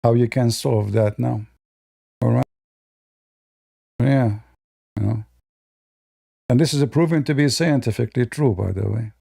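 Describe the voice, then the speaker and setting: A man's voice: mid-range voice, a little slow, vocal fry, long pauses, dark tone, slightly rough, no room sound, studio quality. A man giving a casual, mocking monologue on religion in broken English, sarcastic throughout. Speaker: religion commentator.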